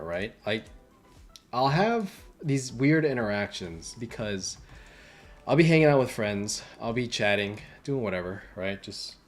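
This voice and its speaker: A young adult man talking casually on a livestream, rambling with many fillers and restarts. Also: fairly low pitch. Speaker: livestream host and entertainment designer.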